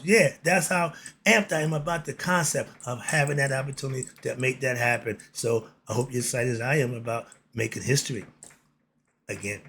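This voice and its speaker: A man's voice: a little high, fairly bright tone, slightly rough. A man hosting a casual political monologue, blunt and streetwise, asking himself "why?" and answering. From United States. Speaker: commentary channel host.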